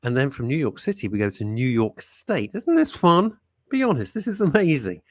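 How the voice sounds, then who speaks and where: A man's voice: mid-range voice, big pitch swings, normal speed, slight background noise. A man hosting a live radio show, rambling and joking as he greets listeners. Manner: rambling, jokey, reads out listener messages. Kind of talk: chatty live radio banter.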